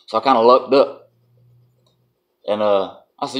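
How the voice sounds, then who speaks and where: A man's voice: medium pitch, a little slow, pauses often. A man, telling a casual vlog story in a blunt, folksy way and laughing often. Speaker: vlogger.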